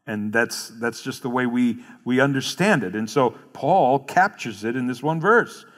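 A man's voice: mid-range voice, moderate pace, fairly bright tone. A male pastor preaching a sermon, earnestly explaining verses and repeating key phrases. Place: church sanctuary. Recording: long hall reverb.

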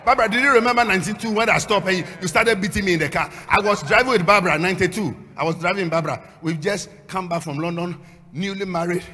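High-voiced preacher shouting in a hall. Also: male voice, fast. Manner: shouting and half-singing exhortation. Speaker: pastor. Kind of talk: sermon. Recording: long hall reverb.

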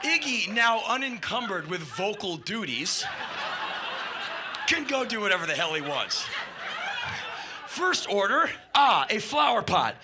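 A man telling a wild anecdote in an excitable, profane way, shouting and mimicking sound effects as he goes. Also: high voice, a little slow, pauses often, noisy background. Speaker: spoken-word storyteller.

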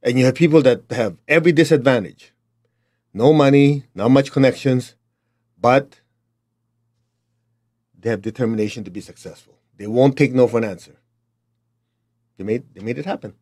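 A man's voice: medium pitch, normal speed, pauses often, darkish tone. Blunt middle-aged man with a Chinese accent. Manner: blunt, emphatic, direct. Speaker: motivational teacher. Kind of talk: motivational talk.

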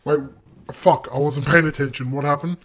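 A man's voice: fairly high pitch, fairly even intonation, normal speed, a bit bright. A young man commenting on his own gameplay footage, exasperated and swearing constantly as he hurls insults at himself. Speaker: gaming video creator.

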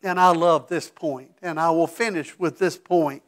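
A man with a high voice preaches a sermon from a church sanctuary. His delivery is animated, swelling to emphatic peaks and then falling to a hushed tone for asides. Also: moderate pace. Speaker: pastor.

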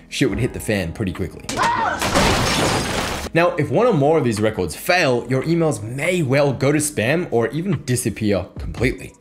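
A brash man hosting a casual explainer video, joking and swearing as he walks through an analogy. His pitch jumps around a lot as he tells the story. Faint guitar music plays behind him. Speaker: copywriting coach, video host.

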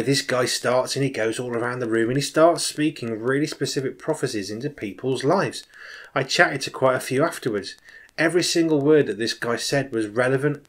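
Enthusiastic man telling a church testimony. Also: mid-range voice. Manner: enthusiastic storyteller with emphatic swings in loudness; informal, chatty and animated. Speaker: children's minister. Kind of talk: personal testimony sermon.

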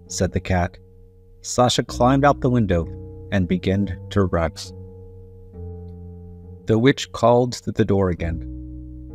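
A man narrating a children's story aloud, gentle and deliberate. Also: sits low, faint music behind.

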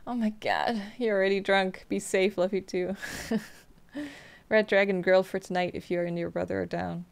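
A woman playing a video game, reading the on-screen text messages aloud in a flat, quick way between casual comments. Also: mid-range voice, vocal fry, clean tone. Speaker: gameplay streamer. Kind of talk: casual let's-play commentary.

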